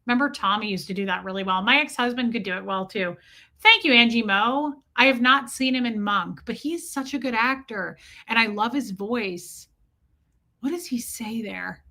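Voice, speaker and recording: A woman's voice: fairly high pitch, normal speed, sharp tone. A woman hosting a casual livestream, chatting loosely and reading out viewers' names and comments. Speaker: livestream host. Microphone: streaming setup mic.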